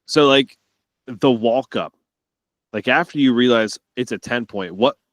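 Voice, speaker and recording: A man in his middle range hosting a podcast, relaxed and encouraging as he chats with a guest. His voice is recorded dry and close, with no room sound. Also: mid-range voice, a little slow, no room sound. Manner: easygoing, affirming, asks questions. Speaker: podcast host. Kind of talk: casual interview chat.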